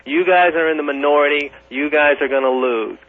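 A man on a call-in line argues hard, repeating his openings to hold the floor. His voice sits a bit high and comes through a tinny, narrow phone line. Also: a little fast. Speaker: caller. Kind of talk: heated call-in debate. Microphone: telephone.

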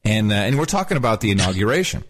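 A man's voice: fairly low pitch, racing. A man hosting a podcast, telling stories and mocking the news in a casual political chat. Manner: mocking, animated storyteller. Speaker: podcast host.

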